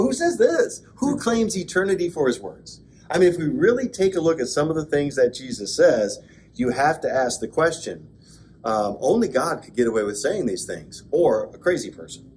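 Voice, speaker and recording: A man, a pastor, giving a conversational Bible class lecture, with joking asides and bursts of excited emphasis. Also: medium pitch, slight background noise. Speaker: pastor teaching an adult class. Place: church classroom.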